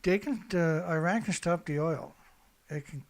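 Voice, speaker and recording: A middle-aged man hosting a casual livestream, rambling and chatty, clearing his throat often and swearing now and then. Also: a little high, moderate pace. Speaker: show host.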